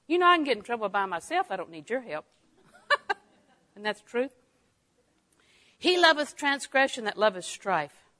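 An older woman teaching a Bible lesson, lively and chuckling often, acting out her own thoughts in quotes. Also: fairly high pitch, normal speed, pauses often. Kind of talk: sermon.

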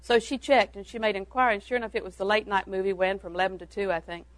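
A woman's voice: mid-range voice, steady tone, fast, no room sound, poor audio. An older woman giving a homespun talk on parenting to a church audience, telling anecdotes and chuckling between them. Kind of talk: folksy storytelling talk to an audience.

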